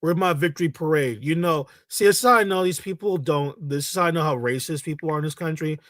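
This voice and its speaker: Heated, profane man ranting, slightly high. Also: quick pace, fairly bright tone, dry recording, clean studio sound. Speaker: commentary vlogger. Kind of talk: ranting commentary.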